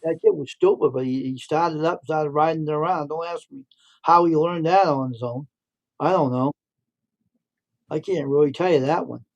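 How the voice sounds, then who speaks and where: On a muffled recording, a middle-aged man hosting a livestream talks at normal speed in a voice on the high side. His storytelling is casual, meandering and repetitive.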